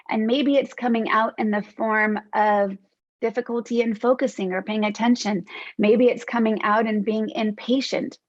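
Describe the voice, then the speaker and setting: A woman hosting a reflective podcast monologue, speaking in a gentle, reassuring way as a counselor to her listeners. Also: fairly high pitch, no room sound, dull audio. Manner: gentle, reassuring, unhurried lists.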